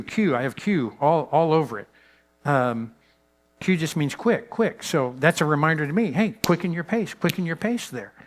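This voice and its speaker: Animated man speaking to pastors. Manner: animated storyteller, swings pitch and loudness. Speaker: guest speaker. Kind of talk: leadership talk to pastors.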